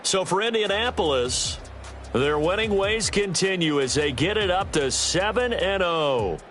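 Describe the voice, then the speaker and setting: A man calling plays as a football announcer, brisk and punchy, recorded for a video game. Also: high-pitched, animated, fairly bright tone, soft background music. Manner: brisk, punchy play calls. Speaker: play-by-play announcer. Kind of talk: scripted sports commentary for a football video game.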